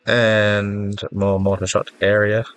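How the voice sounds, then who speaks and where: A deep-voiced man talks through a video game in a loose, rambling way, mocking himself and getting flustered. His nose sounds stuffed up and congested. Faint game music plays underneath. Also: flat delivery, slow pace, fairly bright tone. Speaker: gaming YouTuber. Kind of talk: casual gameplay commentary.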